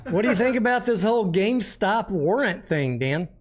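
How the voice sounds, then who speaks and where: A man's voice: sits high, expressive, moderate pace. Joking man hosting a livestream. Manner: joking, chatty, reads viewer comments aloud. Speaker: livestream host. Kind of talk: casual livestream chat.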